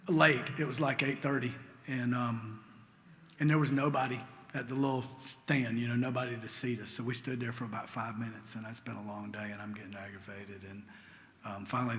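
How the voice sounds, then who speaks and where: A man telling an emotional recovery story to a meeting in a church hall, sometimes dropping to a near whisper. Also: medium pitch. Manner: earnest and emotional, drops to a near whisper at tender moments. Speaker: AA meeting speaker. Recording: long hall reverb with faint ambient noise.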